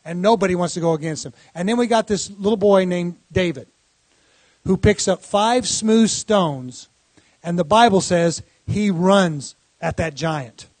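High-voiced man preaching encouragement. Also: a little mellow, dry recording. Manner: encouraging preaching, quick bursts of speech. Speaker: pastor. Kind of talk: sermon.

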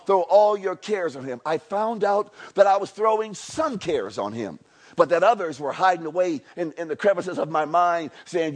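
High-voiced preacher, loud then hushed. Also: male voice. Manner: animated call-and-response preaching, swinging from low and quiet to loud and shouting. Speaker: pastor. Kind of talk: sermon. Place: church service.

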